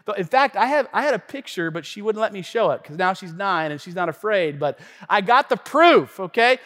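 Animated high-voiced pastor in a reverberant church. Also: male voice, fairly quick. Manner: animated storytelling, conversational asides. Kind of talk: sermon. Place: church sanctuary.

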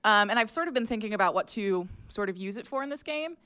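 A woman with a bright, forward voice runs a tabletop game, talking quickly and chattily. She explains rules and narrates the action with plenty of fillers and asides. Her pitch sits in a middle range for a woman. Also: animated, clean tone. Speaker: game master.

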